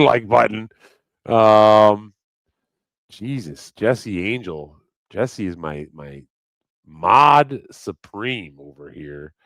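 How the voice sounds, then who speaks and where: Deep, slow-talking livestream host. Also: male voice, fairly bright tone, no echo. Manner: rambling, profane, joking. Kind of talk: casual livestream chat.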